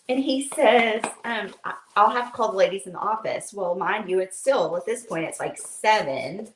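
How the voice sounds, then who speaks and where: A woman hosts a casual live craft stream, chatting freely and rambling through stories with plenty of fillers. Her voice sits at an average pitch. The room sounds echoey, with faint noise behind her. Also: normal speed.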